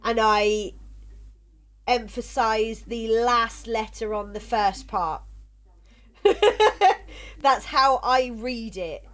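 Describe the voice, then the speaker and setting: A woman streaming a video game, chatting casually with viewers in a halting way, tripping over words. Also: on the high side, expressive.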